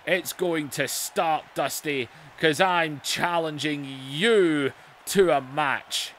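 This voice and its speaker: A blustering veteran wrestler, as a gamer puts him on, barks orders and trash talk at his rivals. The voice sits a little high, with a faint hiss of noise behind it. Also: slow, a bit bright. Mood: challenging. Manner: bossy, insulting trash talk. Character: blustering veteran male wrestler cutting a promo. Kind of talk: mock wrestling promo over a video game.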